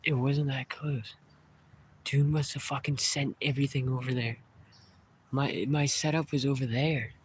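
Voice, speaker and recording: A man's voice: mid-range voice, steady tone, measured pace, a little hiss or hum. A young man vlogging a live stream outdoors in the woods by the water, talking casually, swearing a lot and startled by sounds.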